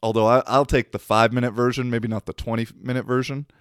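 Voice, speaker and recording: A man's voice: mid-range voice, steady tone, fast talker, clear, resonant tone, dry recording, clean studio sound. A man talking casually to the camera, telling a rambling story, laughing often and swearing offhandedly.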